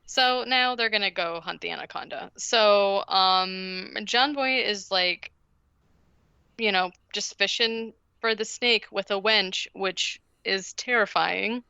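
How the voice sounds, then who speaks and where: A woman's voice: mid-range voice, slow pace, vocal fry, pushed and bright, clear, resonant tone, no echo, lo-fi sound. A woman co-hosting a podcast, casually recapping a movie in a rambling way, full of fillers and giggles. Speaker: podcast co-host.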